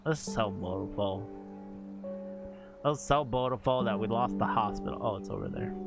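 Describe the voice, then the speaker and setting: A male streamer giving excitable live commentary on a game, swearing and laughing often. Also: fairly low pitch, normal speed, creaky, loud music behind the voice.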